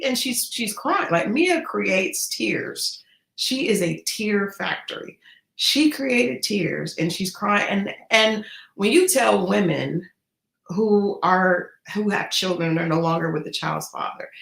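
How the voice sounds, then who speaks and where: Animated woman dishing gossip, gravelly voice. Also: mid-range voice. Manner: animated, incredulous, talks straight to listener as "girl". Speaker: podcast host. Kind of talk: casual reality TV gossip commentary. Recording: echoey room.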